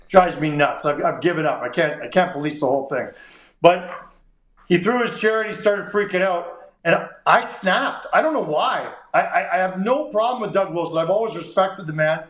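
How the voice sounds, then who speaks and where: His high-pitched voice bounces around a reverberant space in this rough recording. He's a Canadian sports radio host, animated as he tells a long story and acts out the quoted dialogue.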